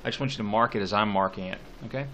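A man teaching a class on a poem, talking slowly and haltingly with many fillers, stopping to read lines aloud. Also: fairly low pitch, bright, forceful tone, a little hiss or hum. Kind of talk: classroom poetry lecture.

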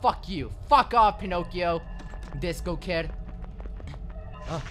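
A man streaming a horror game live, commenting loudly in a panicky, profane way and shouting at the game. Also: high voice, very animated, normal speed, over music. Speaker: gaming streamer.

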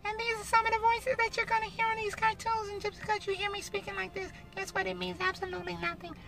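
A man's voice: monotone, quick pace, vocal fry. A man doing a sweet little cartoon girl. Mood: sweet, chatty. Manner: high girlish squeak. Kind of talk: cartoon voice acting.

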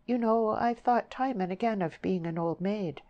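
A woman's voice: medium pitch, normal speed, a little mellow, muffled recording, pitched above the performer's own voice, natural voice. Woman voicing a shy, plaintive country girl. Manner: rustic dialect, plaintive and hesitant. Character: shy young country girl, soft and hesitant.

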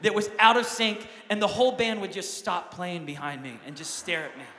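A young man preaching a lively sermon as pastor, swinging from quiet asides to loud shouts. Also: high-pitched, fairly quick, in a large hall, background noise. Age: young adult.

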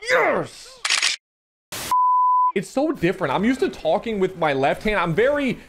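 A young man giving live commentary on his own football video game, animated and chatty with viewers. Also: high-pitched, fairly quick, slight background noise. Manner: excitable, shouts and laughs at big plays, talks to viewers; animated, talks with his hands.

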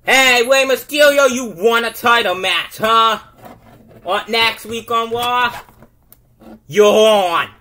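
A narrator voicing a smug male champion wrestler, loudly laying down terms. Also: medium pitch, slow. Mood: taunting. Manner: loud, taunting and demanding.

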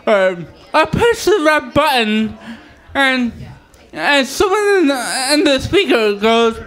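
A stand-up comedian with a speech impediment works the open mic crowd, teasing himself and his listeners. His voice sits very high and bright, and he takes his time with every line. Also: very animated, slow. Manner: self-deprecating, joking with the crowd. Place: bar stage with live audience.

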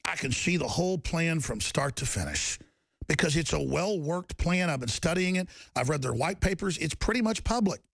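A middle-aged man hosting a talk show, delivering an impassioned ranting monologue that swings from loud outbursts to low, intense passages. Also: animated, normal speed, vocal fry, dry recording.

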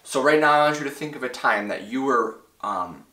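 A man's voice: medium pitch, animated, a little fast. Encouraging male first-grade teacher. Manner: gentle, encouraging instructions to young children. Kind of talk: read-aloud lesson for children. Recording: roomy, from a distance.

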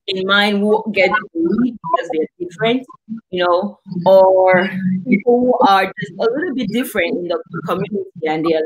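A woman's voice: mid-range voice, slightly rough, rough recording. A woman guest, a singer-songwriter from Cameroon, talking earnestly and reflectively about her song in a casual interview. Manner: earnest, reflective, speaks slowly.

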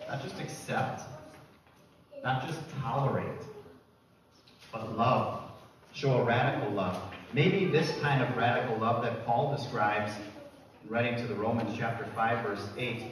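A man preaching a sermon as pastor, emphatic, building to loud repeated declarations. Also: mid-range voice, background noise. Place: church sanctuary. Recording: echoey church from a distance.

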